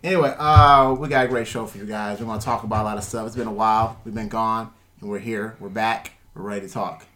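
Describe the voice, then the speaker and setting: A man's voice: lowish voice, fairly even intonation, fast talker, fairly bright tone. Joking podcast host, man. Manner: joking, teasing. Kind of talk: casual chat.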